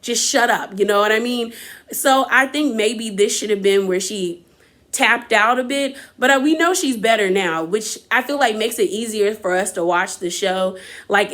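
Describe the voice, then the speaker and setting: A woman's voice: medium pitch, fairly bright tone. A woman, giving an opinionated, chatty recap of a reality show and acting out quotes from the cast. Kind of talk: casual recap commentary.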